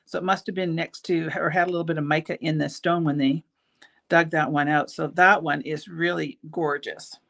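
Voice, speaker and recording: A woman hosts a relaxed live-stream bead show inside her jewelry shop studio, her low, gravelly voice fairly bright and fairly even in intonation at a moderate pace. Chatty and rambling, she ums and restarts often, eager about the beads.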